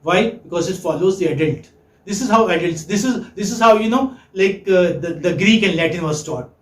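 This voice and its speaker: High-voiced lecturer, echoey room. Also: male voice, normal speed, fairly bright tone. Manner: asks the class questions and praises answers, repeats points. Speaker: English teaching lecturer. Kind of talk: classroom lecture. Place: classroom. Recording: echoey classroom.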